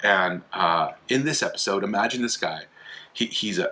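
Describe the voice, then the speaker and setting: Bright-voiced man rambling through a casual talk. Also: on the low side, a little fast. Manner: rambling, many fillers and restarts, animated retelling. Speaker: host of an apologetics video channel. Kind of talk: casual explainer monologue.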